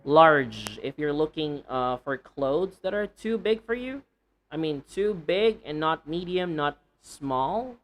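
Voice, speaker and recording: A man teaching English pronunciation, slowly repeating words one by one and joking between them. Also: fairly high pitch, fairly bright tone. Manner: slow deliberate repetition of words, playful and laughing. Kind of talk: pronunciation lesson.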